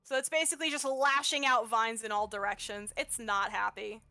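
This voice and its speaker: A woman's voice: fairly high pitch, fairly even intonation, normal speed, sharp tone, dry recording. A woman running a tabletop game as game master, narrating unhurriedly with plenty of fillers.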